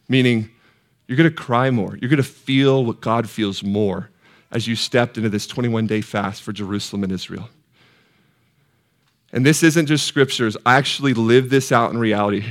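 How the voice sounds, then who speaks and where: Passionate preacher man, hushed to soaring. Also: medium pitch. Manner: asks the congregation questions. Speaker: pastor. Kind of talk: sermon. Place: church sanctuary.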